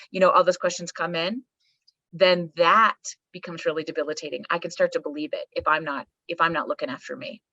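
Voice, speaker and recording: A middle-aged woman, a psychologist guest, talking candidly in a blunt, profane, animated storytelling manner. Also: on the low side, brisk, no echo. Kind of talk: candid podcast conversation. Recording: slightly muffled dry recording.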